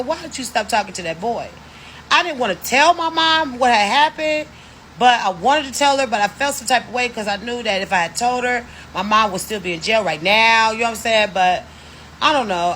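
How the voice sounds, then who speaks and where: A woman in her fifties telling a story casually, in a blunt, profane and animated way. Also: fairly high pitch, slight background noise, poor audio. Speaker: storyteller vlogger.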